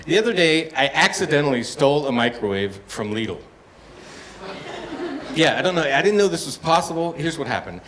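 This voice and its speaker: A man in his fifties performing a stand-up comedy set, telling stories and acting out other voices with loud punchlines. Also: fairly high pitch, big pitch swings, moderate pace, a crowd in the background. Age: 50s. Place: comedy bar stage with live audience. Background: audience laughter and room noise.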